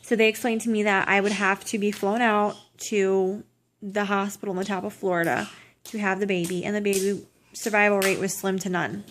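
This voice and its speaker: A woman's voice: medium pitch, flat delivery, brisk, fairly bright tone, slight background noise. A young woman giving a casual pregnancy update to her camera, rambling with restarts and self-corrections, sounding tired. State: tearful at times, exhausted. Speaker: vlogger.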